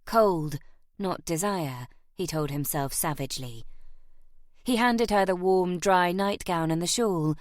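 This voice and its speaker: Woman narrator, measured audiobook reading, lower voice, dry. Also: dry recording. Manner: measured, even storytelling. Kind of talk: scripted narration.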